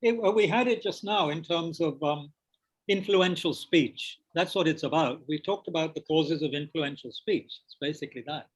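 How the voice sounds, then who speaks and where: A man's voice: fairly high pitch, moderate pace, breathy edge, rough recording. A man leading a meditation class and taking questions, hesitant, with many fillers and restarts. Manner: speaking with mouth full of biscuits. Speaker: meditation teacher. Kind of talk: teaching a dharma class with questions. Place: meditation centre.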